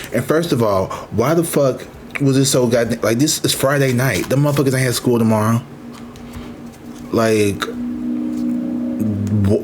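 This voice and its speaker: A man in his thirties telling a story in a casual, profane, animated way, as a vlogger. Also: mid-range voice, noisy background. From Missouri, USA. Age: 30s.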